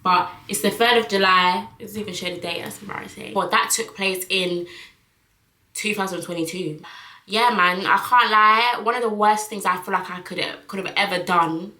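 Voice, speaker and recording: A woman's voice: medium pitch, normal speed, pushed and bright, reverberant, low-quality recording. A young woman, chatting frankly to camera in a casual vlog, full of fillers. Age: young adult. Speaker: vlogger.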